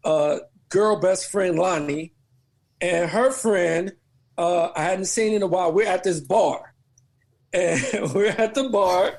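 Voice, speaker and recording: A man from New Orleans, a comedian guest telling profane stories in animated, laughing casual chat. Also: sits high, slow pace, gravelly. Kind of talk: casual storytelling.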